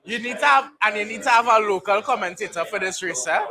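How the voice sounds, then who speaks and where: Excitable high-voiced man. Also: fast talker, few pauses. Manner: excitable, bursts into shouted mock commentary. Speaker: livestream host. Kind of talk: live race watchalong chat. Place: bar and grill. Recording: noisy bar crowd behind.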